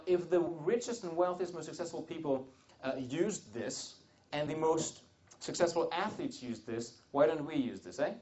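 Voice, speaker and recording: A man leads a live seminar for a room of attendees, middle-pitched and rambling, often restarting his sentences and slipping in jokey asides. The recording is dull and lo-fi, without much crispness. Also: a little mellow. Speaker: seminar speaker. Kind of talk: live wealth seminar talk.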